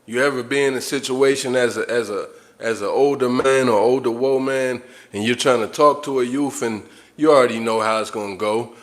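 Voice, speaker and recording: A livestream host with a mid-range voice speaks in a steady tone at a fairly quick clip. He addresses his viewers directly in an unscripted monologue, ranting bluntly, swearing, and repeating himself.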